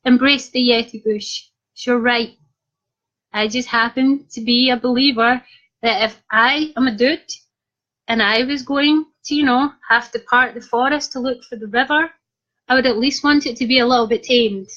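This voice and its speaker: A woman's voice: fairly high pitch, steady tone, normal speed, bright, forceful tone. A young Scottish woman vlogger casually telling a cheeky story to her viewers, giggling through it. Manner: giggly, cheeky, frequently breaking into laughter. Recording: dull lo-fi sound.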